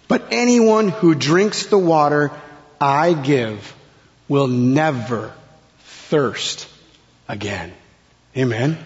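Slow, dramatic preacher in an echoing hall. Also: male voice, on the high side. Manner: slow, dramatic delivery with sudden soft drops. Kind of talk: sermon. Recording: long hall reverb, dull lo-fi sound.

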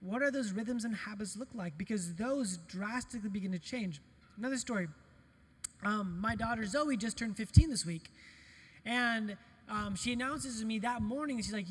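A middle-aged man, a pastor, preaching a conversational sermon full of personal stories, animated and self-deprecating. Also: high voice, normal speed, breathy edge. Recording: long hall reverb.

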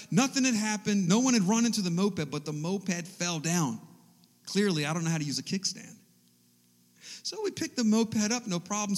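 A man preaching a sermon in a church hall, telling a personal story in an animated, conversational way. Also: on the high side. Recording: echoey hall.

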